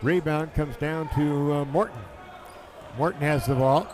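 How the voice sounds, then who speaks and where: A man calling a basketball game play by play, excitable and quick in bursts. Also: on the high side, over music. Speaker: play-by-play announcer. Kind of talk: live basketball commentary.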